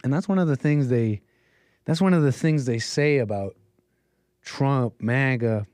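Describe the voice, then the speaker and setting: A slightly ill man hosting a call-in stream talks a little slowly in a medium-pitched, darkish, clean voice, with no room sound and the mic close by. His casual commentary rambles, breaks off mid-thought, and is sprinkled with chuckles.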